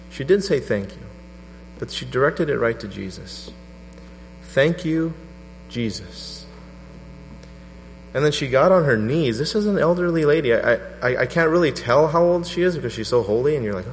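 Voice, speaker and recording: A middle-aged man preaching a sermon to a congregation, telling a personal story with animated energy. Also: fairly quick. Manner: animated storytelling, voice rising to a high pitch in quoted prayers. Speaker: pastor. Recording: reverberant hall with mains hum.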